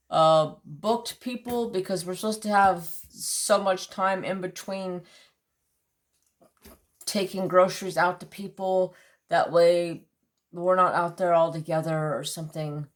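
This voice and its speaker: A woman voicing a female grocery store worker who haltingly explains a problem while retelling a story. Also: on the low side, lightly acted.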